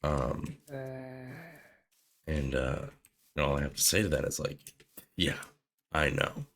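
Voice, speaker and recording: A young man, hoarse from being sick, rambling casually over gameplay with lots of fillers. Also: a bass voice, fairly even intonation, measured pace. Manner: rambling, filler-heavy, jokey musings. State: hoarse from sickness. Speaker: gameplay commentator. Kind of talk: casual gaming commentary.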